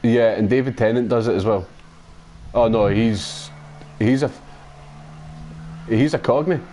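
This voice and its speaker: A man's voice: mid-range voice, a little slow, dark tone, a little hiss or hum. A man with a Scottish accent hosting a gaming channel, chatting casually and rambling in sweary banter while he plays a racing game.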